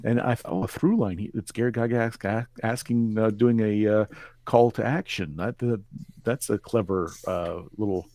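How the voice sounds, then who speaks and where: A man's voice: fairly low pitch, fairly even intonation, normal speed, mellow, no echo. Hesitant man co-hosting a podcast. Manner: hesitant, full of restarts. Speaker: podcast co-host. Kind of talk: casual chat.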